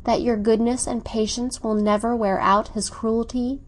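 A woman voicing a charming, scheming young man who speaks smoothly and persuasively. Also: a little high, fairly even intonation, moderate pace, pitched above the performer's own voice, close to an everyday voice.

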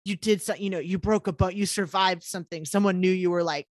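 Chatty woman, quick to agree. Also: lowish voice, steady tone, no room sound, clean studio sound. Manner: agreeable, quick affirmations, laughs often. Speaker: podcast co-host. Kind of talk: casual chat.

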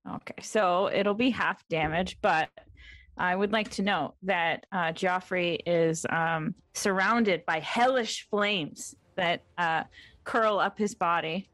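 A woman's voice: on the low side, takes it slowly, fairly bright tone, no echo. A woman playing a tabletop game, flustered and apologetic, filling her turn with ums. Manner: flustered, apologetic, many fillers. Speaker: player.

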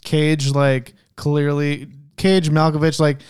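A man co-hosting a casual movie podcast, joking around and riffing in an animated way. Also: a little high, slow pace, clear, resonant tone. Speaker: podcast co-host.

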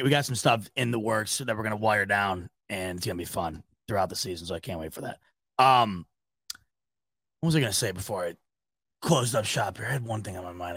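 A man hosting a sports podcast, chatting casually and telling stories in a rambling, animated way. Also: on the low side, dry recording. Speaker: podcast host.

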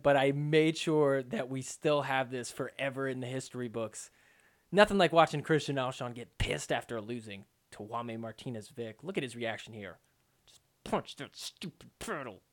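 A man hosting a podcast, recapping match highlights in a joking, excitable commentary style. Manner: excitable, joking, mimics players in quotes.

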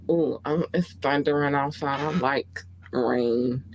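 A woman's voice: very deep voice, measured pace, darkish tone, a little hiss or hum, low-quality recording. A woman hosting a podcast, giving casual entertainment news commentary and reading viewer comments aloud in a candid, opinionated, blunt and profane way. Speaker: podcast host.

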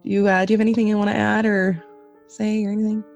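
A woman's voice: mid-range voice, little pitch movement, fast, creaky, a little mellow, highs cut off, soft background music. A woman hosting a casual podcast chat, laughing often and swearing freely. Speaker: podcast host.

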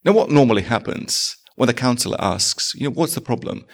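A man's voice: medium pitch, expressive, brisk, vocal fry. A man preaching a sermon as pastor, asking his congregation rhetorical questions.

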